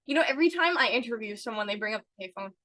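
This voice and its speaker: A woman's voice: on the high side, expressive, rapid-fire, sharp tone, no room sound. A woman from Long Island hosting a podcast, chatting in a giggly, friendly way and laughing often. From Long Island, United States. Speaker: podcast host. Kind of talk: casual chat.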